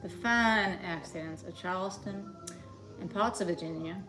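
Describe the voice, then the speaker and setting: A woman's voice: lowish voice, unhurried, over music. A woman from the Boston area co-hosting a home cooking show, teasing her partner in a dry, wry way while she juices citrus. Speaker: co-host. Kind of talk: casual cooking banter.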